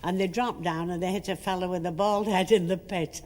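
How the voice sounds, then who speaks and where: Older woman, animated storyteller, echoey room tone. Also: lowish voice, a little fast, slight background noise. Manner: lively storytelling, acts out quotes. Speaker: interviewee, actress. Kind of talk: reminiscing interview.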